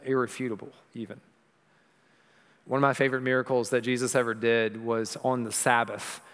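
A man's voice: medium pitch, fairly bright tone, big-room sound. A man preaching a sermon as pastor, earnest and rising to emphatic peaks. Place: church sanctuary.

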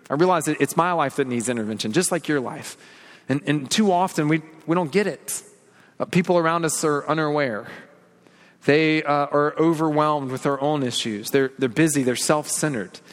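A man's voice: fairly high pitch, in a large hall. A man preaching an earnest, confessional sermon, leaning on repeated phrases and rhetorical questions. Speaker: pastor.

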